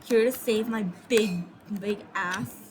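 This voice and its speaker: A woman's voice: medium pitch, slow pace, noisy background, natural voice. Woman voicing a lovestruck timid schoolboy. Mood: swooning. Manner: gushing, breathless exclamations. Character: timid fourteen-year-old schoolboy, lovestruck.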